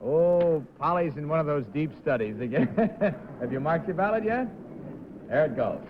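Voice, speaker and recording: A man hosting a live television game show in a brisk, jovial way, laughing often. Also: on the high side, animated, muffled recording. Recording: 1950s TV broadcast audio, hall reverb, hiss.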